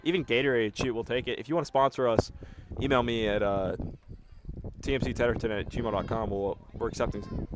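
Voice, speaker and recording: A man's voice: medium pitch, a little fast, noisy background. Young man, easygoing student commentator. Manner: relaxed, chatty, joking. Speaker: play-by-play commentator. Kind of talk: student sports broadcast commentary.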